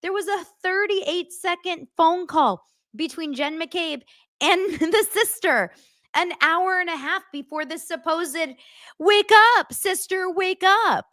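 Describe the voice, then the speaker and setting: A woman hosting a casual true-crime commentary, talking fast with a sarcastic, incredulous edge. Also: very high-pitched, fairly bright tone, no room sound, studio quality. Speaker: commentary host.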